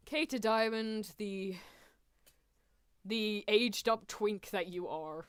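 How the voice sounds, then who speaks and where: A woman's voice: medium pitch, lively intonation, slow pace, pauses often, clear, resonant tone, dry recording. A young woman chatting casually and laughing often as she reacts to an anime on a stream, talking close to a desk mic.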